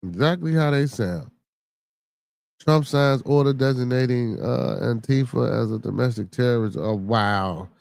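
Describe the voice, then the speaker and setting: A man's voice: medium pitch, expressive, measured pace, creaky, darkish tone, dry recording. A man with a Chicago accent hosting a podcast, chatting casually in a rambling, profane way and reading news stories aloud. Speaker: podcast host.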